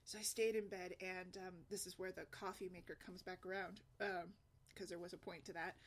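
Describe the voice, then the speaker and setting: Woman, casual storytelling, rambling, fillers, laughs a lot, mid-pitched voice. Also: fairly bright tone, slight background noise. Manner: chatty, rambling, laughs often, many fillers. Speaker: single mom blogger.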